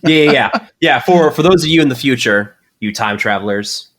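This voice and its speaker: A man sitting in as co-host on a casual podcast, talking eagerly and rambling. He leans on fillers and restarts, and his voice sits at an average pitch for a man. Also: expressive, normal speed, a bit bright, a little hiss or hum. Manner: enthusiastic, rambling, lots of fillers.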